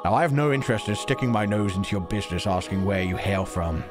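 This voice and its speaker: Man putting on a stern old British gentleman, gruff, clipped, scolding, voice pitched lower, game music behind. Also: animated, fast, close to an everyday voice. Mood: lecturing. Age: older.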